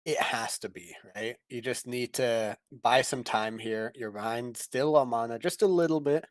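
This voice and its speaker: A man's voice: mid-range voice, normal speed, no room sound. Analytical man commentating a card game. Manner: analytical, explains plays in detail, laughs often.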